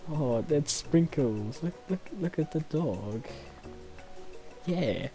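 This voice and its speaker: A man's voice: a little high, lively intonation, slow, over music. A man streaming a dating game, reading its text aloud with playful, laughing, joking asides.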